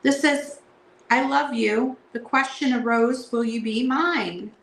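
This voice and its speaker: A woman's voice: fairly high pitch, slow pace, a bit bright, slight background noise. Chatty woman selling from an echoey room. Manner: chatty, reads card verses aloud in a playful sing-song. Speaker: live sale seller. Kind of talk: casual live sale chat. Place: indoor room at home.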